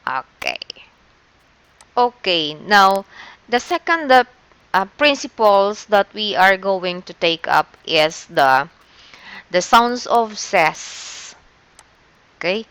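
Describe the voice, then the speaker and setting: A woman's voice: medium pitch, expressive, slow pace, long pauses, a bit bright, clear, resonant tone. A woman teacher with a Filipino accent, patiently leading an online shorthand lesson step by step and checking in with "okay" often.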